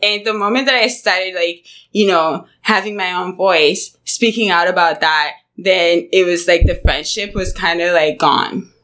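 A woman in her twenties from Africa, telling stories in an animated, blunt, profane way, often laughing. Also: fairly low pitch, unhurried, few pauses, dry recording. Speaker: podcast host. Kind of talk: casual storytelling chat.

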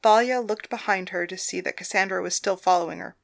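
A woman narrating a story in a steady, even way. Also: on the low side, a little fast, vocal fry.

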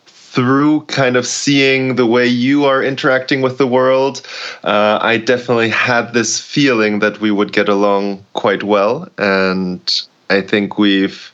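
A man's voice: on the low side, fairly bright tone. A man as a podcast guest, explaining things in a thoughtful, easygoing way. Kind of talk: casual conversation. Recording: dull lo-fi sound.

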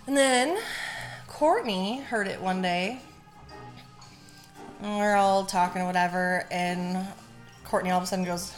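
Faint music plays behind a young adult woman co-hosting a podcast, speaking at a moderate pace in a mid-range voice. Her storytelling is loose and casual, with free swearing and easy laughter.

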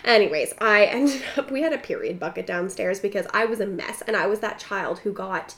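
A woman's voice: mid-range voice, expressive, fairly quick, fairly bright tone. A young woman co-hosting a podcast, telling stories with lots of laughter, acting out quotes and swearing freely. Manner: storytelling with bursts of laughter, acts out quotes. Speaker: podcast co-host. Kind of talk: casual chat.

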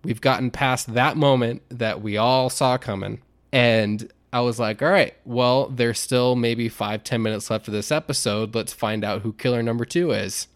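A young adult man co-hosting a podcast, casually chatting and retelling scenes with lively acted-out quotes. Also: mid-range voice, moderate pace. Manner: animated storyteller, acts out quotes with shouts. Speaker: podcast co-host.

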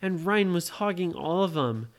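A parent telling a made-up story to a child, pausing to ask the child questions. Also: medium pitch, lively intonation. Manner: slow, asks the listening child questions. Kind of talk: bedtime story told to a child.

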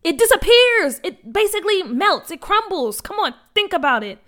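A woman voicing a bold, bossy girl ringleader who talks loudly and rushes her words. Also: high voice, animated, voice pushed up. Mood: excited. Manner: loud, exclamatory, rushing.

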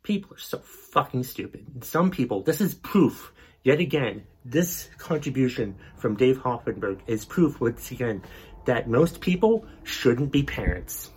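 A man's voice: medium pitch, expressive, measured pace, a little mellow, breathy edge. A male podcast host delivering an exasperated, profanity-heavy rant. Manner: angry, exasperated, heavy swearing.

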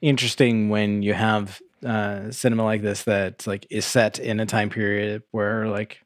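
A low-voiced man co-hosting a podcast, talking things through thoughtfully. He hesitates with fillers and lets his words fade off quietly. The recording is dry and close-miked. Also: level tone, a little slow, no room sound. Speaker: podcast co-host. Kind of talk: casual chat.

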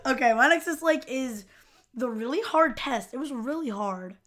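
A woman with a slightly high voice chats loosely as a podcast co-host. She teases her partner and laughs easily. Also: expressive, moderate pace, a bit bright. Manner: teasing, laughs often. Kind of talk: casual episode review chat.

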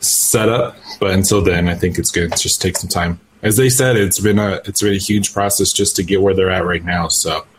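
Lower-voiced man on a remote call. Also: steady tone, moderate pace, few pauses, a little hiss or hum, rough recording. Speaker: podcast guest, youth minister. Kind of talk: casual remote podcast chat. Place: home.

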